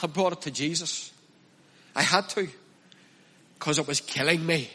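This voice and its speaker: A man's voice: on the high side, a little slow, sharp tone, slightly rough. A man preaching a sermon in an earnest manner, repeating and stressing his key phrases. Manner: earnest, repetitive emphatic preaching.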